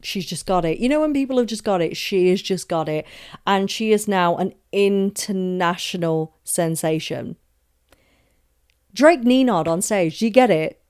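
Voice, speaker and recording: Speaking unhurriedly in a medium-pitched, slightly mellow, clean voice, a young woman from London rants on her solo podcast. Her style is chatty and meandering, emphatic, heavy on swearing, and dotted with asides about herself.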